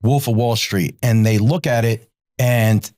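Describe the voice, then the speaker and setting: A man's voice: mid-range voice, fairly even intonation, unhurried, a little mellow, no echo, clean studio sound. A man co-hosting an interview show, who chimes in briefly with prompts and agreement. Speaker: co-host. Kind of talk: casual interview chat.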